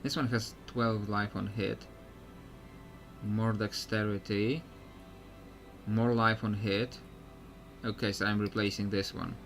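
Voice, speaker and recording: A man's voice: fairly low pitch, flat delivery, slow pace, long pauses, fairly bright tone, soft background music. A man streaming a game, rambling through casual commentary and laughing often.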